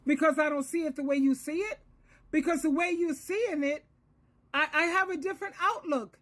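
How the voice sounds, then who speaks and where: A woman's voice: high voice, normal speed, a bit bright. A woman in her sixties, an advice coach and Christian counselor, giving a solo advice talk in an earnest, lecturing way and repeating phrases for emphasis. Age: 60s.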